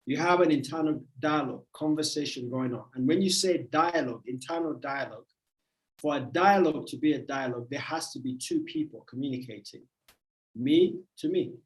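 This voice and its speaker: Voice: mid-range voice, fairly quick. A motivational speaker giving a livestream talk, emphatic and repetitive in a preacherly way. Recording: roomy echo.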